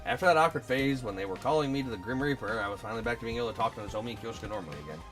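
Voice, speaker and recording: A man's voice: medium pitch, rapid-fire. A man streaming, reading a visual novel aloud with sardonic asides. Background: game music.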